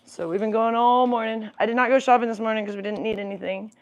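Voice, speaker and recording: A woman's voice: fairly high pitch, steady tone, quick pace, darkish tone, highs cut off. A young adult woman co-hosting a livestream from home, chatting in a rambling way with many fillers. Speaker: livestream co-host. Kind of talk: casual chat.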